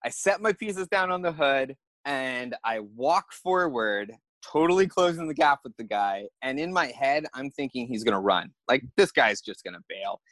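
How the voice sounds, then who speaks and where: Animated man telling a story on a podcast. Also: medium pitch, normal speed, few pauses, dry recording. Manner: animated, acts out the scenes he describes. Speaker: podcast guest. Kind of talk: casual storytelling chat.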